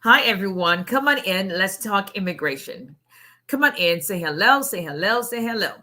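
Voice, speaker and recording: A middle-aged woman from Africa, an immigration lawyer hosting a casual livestream, chatty and quick to laugh as she digresses. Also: mid-range voice, expressive, sharp tone.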